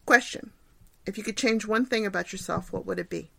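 Chatty woman with a gravelly edge. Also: medium pitch, a little fast, fairly bright tone, no room sound. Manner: chatty, self-deprecating, laughs often. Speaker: podcast host. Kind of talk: casual solo podcast, answering questionnaire. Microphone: home recording setup.

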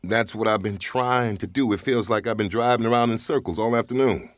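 A man's voice: on the low side, fairly quick, dry recording, clean studio sound, lightly acted. An actor playing a stranded, wary man who pleads and panics, in an audio drama. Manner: jittery, pleading, bursts into yelling for help. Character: stranded wary man from Detroit, rattled, talkative. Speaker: stranded traveler.

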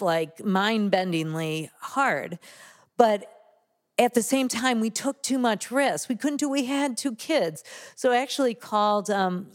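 A woman in her forties, an interview guest, talks in a candid, casual way and often laughs as she tells personal stories. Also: medium pitch.

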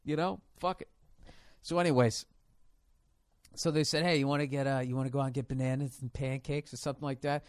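A man hosting a podcast, telling a crude story in casual chat, cursing freely and now and then bursting into loud mock shouts. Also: mid-range voice, steady tone, brisk, long pauses, dry recording. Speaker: podcast host.

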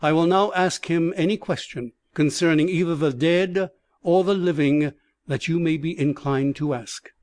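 Brief: a man playing a composed, formal mesmerist, measured delivery, dry close sound. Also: on the high side, darkish tone, no room sound, lightly acted. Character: cool, formal male scientist-mesmerist. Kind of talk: audiobook character voice.

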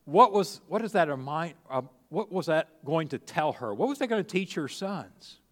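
A man's voice: a little high, big pitch swings, normal speed, long reverb tail. A middle-aged male pastor preaching a sermon in a conversational way, often restarting phrases and acting out quoted speech.

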